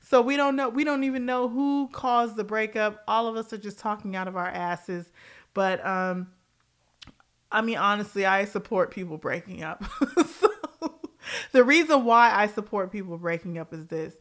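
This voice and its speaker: A woman's voice: medium pitch, normal speed. Blunt, laughing woman host. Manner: blunt, profane, laughing, animated tangents. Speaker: commentary show host. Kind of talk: casual pop-culture commentary.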